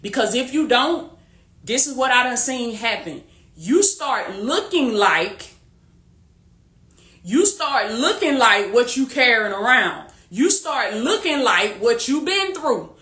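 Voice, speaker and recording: Bright-voiced woman rallying her livestream. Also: on the high side, big pitch swings, takes it slowly, roomy sound. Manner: repetitive, rallying, preachy and warm-hearted, laughs often. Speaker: faith-based life coach hosting a livestream. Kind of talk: casual livestream pep talk. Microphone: phone or webcam on a live stream.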